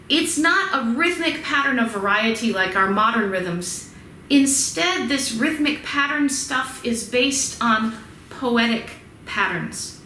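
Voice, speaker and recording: A woman's voice: high-pitched, takes it slowly, sharp tone, a little hiss or hum. A woman teaching music history in a chatty lecture, chanting rhythms aloud to demonstrate. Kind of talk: recorded lecture. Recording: echoey room with faint ambience.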